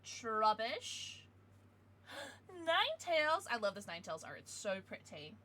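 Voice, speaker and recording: A young woman streaming live, chatting casually as she opens trading cards, excitable and giggly with bursts of squealing. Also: fairly high pitch, measured pace. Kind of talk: casual livestream chat while opening cards.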